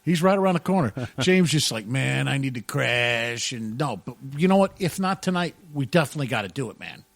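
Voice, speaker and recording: A man co-hosting a casual radio talk show, excitable and jokey, laughing often and peppering his talk with "dude" and "man". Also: fairly high pitch, fast talker, no echo. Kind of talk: casual podcast banter.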